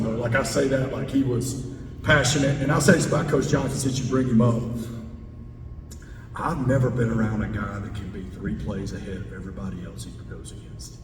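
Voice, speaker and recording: A man, a head football coach speaking to a club and taking audience questions, stressing points by repeating words. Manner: emphatic, repeats key words. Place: large meeting hall indoors. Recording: roomy hall, distant mic, faint rumble.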